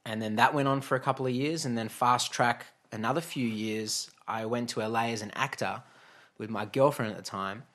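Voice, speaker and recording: A man's voice: medium pitch, a little fast, a bit bright. A man, telling a long personal story as a guest in a casual interview, chatty and laughing, with many fillers and restarts.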